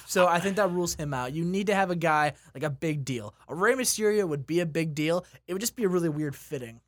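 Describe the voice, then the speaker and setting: Man, opinionated casual talker, slightly high voice, dry recording. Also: lively intonation, fast talker, no room sound. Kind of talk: casual chat.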